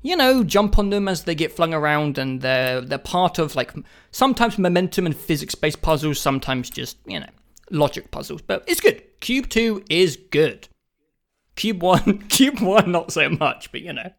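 A man's voice: on the high side, very animated, moderate pace, creaky. A man with the sniffles, chatting casually about games on a podcast, swearing freely and laughing through his stories. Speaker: podcast co-host. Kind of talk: casual chat.

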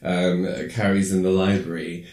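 A man casually recapping a film, rambling with lots of fillers and acting out lines in squeaky voices. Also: level tone, a little slow, darkish tone, reverberant. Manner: rambling, filler-heavy storytelling; acts out quoted lines in high squeaky voices. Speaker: podcast co-host recapping a film. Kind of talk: casual chat.

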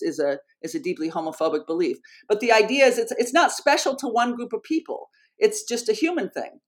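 Speaking on the high side, a middle-aged researcher and writer tells a story while being interviewed. She's earnest and full of energy, and often begins her thoughts again.

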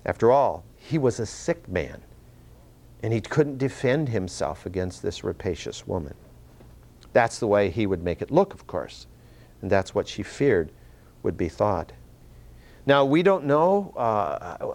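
A man giving an earnest Bible teaching. His pitch moves a lot, climbing high when he stresses a point and dropping low at the ends of phrases. He talks in a conversational way, repeating words and restarting sentences as he thinks aloud. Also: a little mellow.

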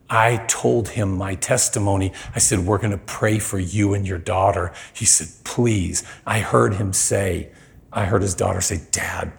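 A man preaching, telling a personal story with lively acted-out quotes. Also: fairly low pitch, vocal fry. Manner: animated storyteller, acts out quoted lines. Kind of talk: sermon storytelling.

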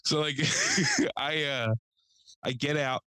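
A man's voice: a little high, wildly swooping pitch, slow pace, sharp tone, no echo, low-quality recording. A young man co-hosting a podcast, telling a long, profane story in casual chat and acting out the people he quotes in a raised voice. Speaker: podcast co-host.

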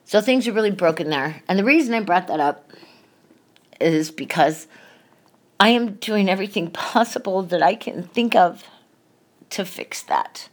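Medium in pitch and animated, a middle-aged female podcast host talks at a measured pace with long pauses. She delivers a confessional monologue about a painful family story, emotional and candid, and swears a lot.

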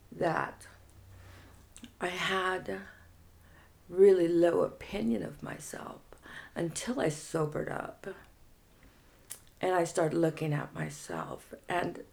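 A woman in recovery telling her personal story in a reflective, halting and frank way. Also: fairly low pitch, a little mellow. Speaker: guest in recovery.

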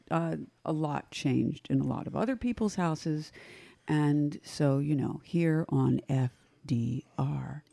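A podcast host with a mellow, gravelly voice talks casually into a close microphone. The tone is playful and teasing, and the talk turns crude. The sound is dry, with no room echo. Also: medium pitch.

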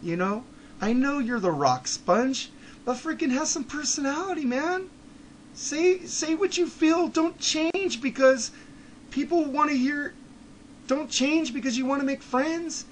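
A man with a high-pitched voice rants on his podcast, blunt and profane. He drops into low mutters, then builds to heated shouting, with faint ambient noise behind him. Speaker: podcast host. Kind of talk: ranting monologue.

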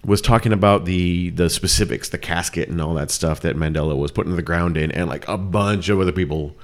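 A very deep-voiced man in his thirties hosts a loose podcast conversation. He rambles through his points, restarting sentences and laughing easily as he goes. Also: brisk. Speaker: podcast host. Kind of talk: casual chat.

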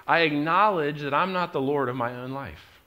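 A middle-aged man, preaching a sermon and telling a story, moving from quiet, confiding asides to loud, driving emphasis. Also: a little high, moderate pace. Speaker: pastor.

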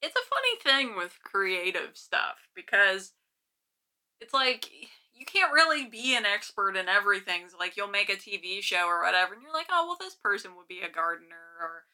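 A woman with a mid-pitched voice and a very bright, sharp tone, chatting casually on a podcast. She rambles with many "like"s and poses curious questions. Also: big pitch swings, normal speed. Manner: chatty, full of "like", asks questions. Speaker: podcast co-host. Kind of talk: casual chat.

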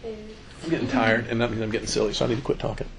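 A man's voice: mid-range voice, fast, gravelly, crowd noise. A man giving an informal, joking talk to students as a campus minister, acting out quoted voices. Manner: animated, joking, acts out quotes.

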